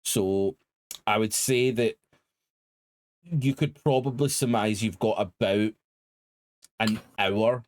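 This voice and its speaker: A man's voice: on the low side, takes it slowly, pauses often, no echo. A man narrating as game master, laying out the situation with hesitant fillers.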